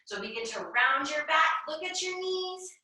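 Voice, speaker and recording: A young woman leading a children's yoga class, giving gentle, encouraging, sing-song instructions. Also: sits high, expressive, normal speed, very echoey, distant mic, low-quality recording. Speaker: kids' yoga teacher.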